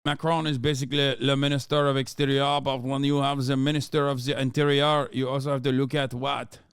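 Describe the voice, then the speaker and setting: Man in his 30s, Turkish native, streamer; sarcastic, animated profane commentary, smooth clear tone. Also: mid-range voice, brisk, dry recording, clean studio sound. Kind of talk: casual livestream reaction commentary.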